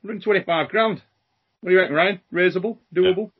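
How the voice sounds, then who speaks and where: A man hosting a podcast, joking and chatting in slangy, energetic banter. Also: high-pitched, quick pace, husky, phone-quality sound. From Britain. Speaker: podcast host.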